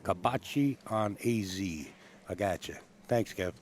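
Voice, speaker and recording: A man's voice: low voice, a little slow, slight background noise. A man hosting a pool stream, friendly and teasing as he thanks donors. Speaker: stream host. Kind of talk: reading out donations.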